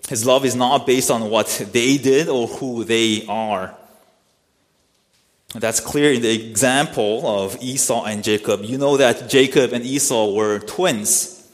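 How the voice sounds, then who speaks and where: A man delivers an expository sermon in an earnest, teaching voice of middle pitch. He often poses rhetorical questions to his listeners. His voice carries a long, lingering hall reverb. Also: a little slow. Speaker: pastor.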